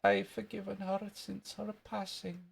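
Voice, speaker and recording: A man voicing a cranky, wrinkly little Scottish man who claims to be a boy, in a high put-on voice with a Scottish accent, telling tall tales. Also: monotone, unhurried, vocal fry, slightly rough, exaggerated voice. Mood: wistful. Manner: boastful, rambling tall tales. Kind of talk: improvised street comedy bit.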